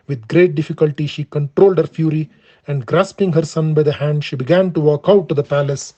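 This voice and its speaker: Male scripture storyteller, measured and reverent, slightly high soft voice. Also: steady tone. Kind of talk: reading a sacred story aloud. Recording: dull lo-fi recording.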